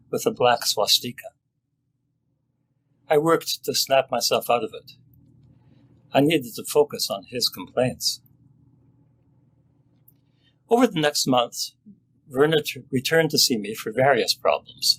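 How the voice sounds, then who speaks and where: An older man, a family doctor, reading his own story aloud in a measured, sober and reflective way. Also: mid-range voice, a bit bright, slight background noise, low-quality recording.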